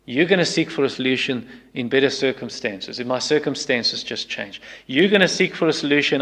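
A man preaches a sermon in a medium-pitched, fairly bright voice with lively intonation, moving a little fast with hardly any pauses. He leans on emphatic repetition and acts out people's excuses in quoted voices. The recording carries the long reverb of a hall.

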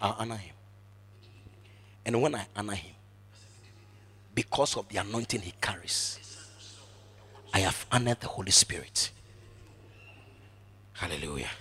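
A man preaching a sermon emphatically, repeating phrases for emphasis and swinging from hushed asides to shouted exclamations. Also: lowish voice, animated, unhurried, pauses often, breathy edge.

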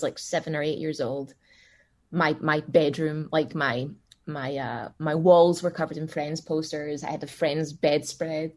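A woman's voice: on the low side, a little mellow. A woman from Scotland with a Glasgow accent, a voice actor chatting casually with many restarts and fillers. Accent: Glaswegian. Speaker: voice actor guest. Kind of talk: casual conversation.

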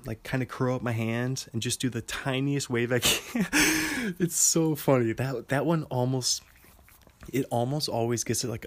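Young guy, casual rambling talker, mid pitch, giggles at his own jokes. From Washington State, USA. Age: young adult. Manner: rambling, filler-heavy, laughs often at his own jokes. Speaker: monologue talker.

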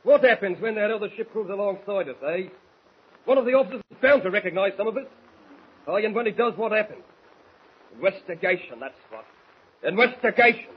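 A bullying mutineer, Limey. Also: male voice, high voice, expressive, a little fast, long pauses, husky. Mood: scornful. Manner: bullying, threatening, coarse grammar. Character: menacing English mutineer ringleader, gruff man. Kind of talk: 1940s radio acting. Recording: muffled hissy 1940s radio broadcast.

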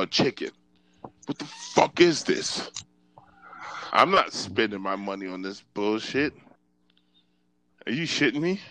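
A man's voice: on the low side, a bit bright, no room sound, poor audio. A man co-hosting a podcast, ranting in a heated, profane way in casual chat. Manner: heated, ranting, swears a lot. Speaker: podcast co-host.

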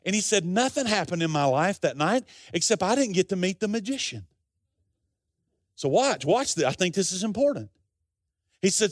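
A man's voice: high-pitched, very animated, moderate pace, long pauses, no echo, studio quality. A middle-aged male pastor preaching a sermon, telling a story in folksy quoted runs and pressing his points with earnest emphasis.

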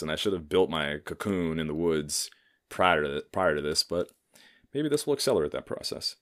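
A man's voice: low-pitched, fairly bright tone. A man in his thirties hosting a casual solo podcast, rambling and swearing freely while joking at his own expense. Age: 30s. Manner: profane, rambling, self-mocking jokester. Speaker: podcast host.

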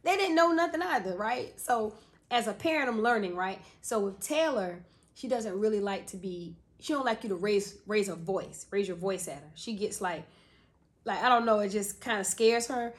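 A woman in her thirties co-hosting a podcast, telling family stories in a casual, animated way and laughing often. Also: mid-range voice, moderate pace. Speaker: podcast co-host. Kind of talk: casual chat.

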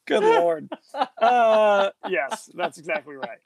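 A high-voiced man co-hosting a movie podcast, talking about films in a lively, animated way. His pitch jumps around a lot, and he slips into little voices when he quotes characters. The sound is dry and close. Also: slow, no echo. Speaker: podcast co-host. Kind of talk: casual chat about movies.

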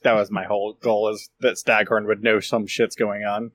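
A man's voice: lowish voice, little pitch movement, normal speed, a bit bright. A man playing a tabletop game as a ship's captain, asking questions and thinking aloud. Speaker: player, ship captain. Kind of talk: casual tabletop game play.

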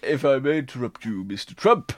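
A man's voice: mid-range voice, sing-song, a little fast, a crowd in the background, natural voice. A man doing a bumbling prime minister. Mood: rambling. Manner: rambling, stammering, fumbling for words. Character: bumbling posh older British prime minister, impression.

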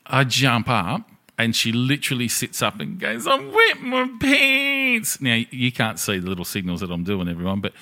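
A bright, forceful man's voice pitched a little low. He tells a rowdy story in casual chat, swearing often and acting out the other people in it. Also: fairly quick. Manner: profane, animated storyteller.

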